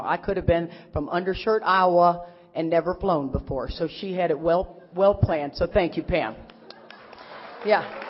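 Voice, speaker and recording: A middle-aged woman from Texas, a speaker at a recovery convention, telling a humorous, rambling personal story and acting out what others said. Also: lowish voice. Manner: animated, rambling, acts out quotes of others. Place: large convention hall. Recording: echoey hall, dull lo-fi sound.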